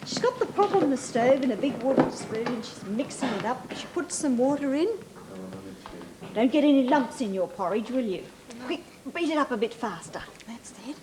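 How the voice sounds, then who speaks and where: An Australian woman tells a story to small children, her voice swooping up and down as she coaxes answers with questions. Her pitch sits fairly high, and the old 1980s TV tape hisses throughout. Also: moderate pace. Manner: animated, questioning, coaxing. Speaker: children's TV presenter.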